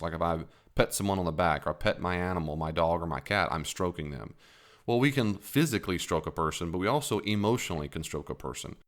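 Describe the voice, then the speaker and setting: A middle-aged man giving a casual talk about psychology, animated, laughing at his own jokes and acting out quotes in a higher voice. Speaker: psychology teacher.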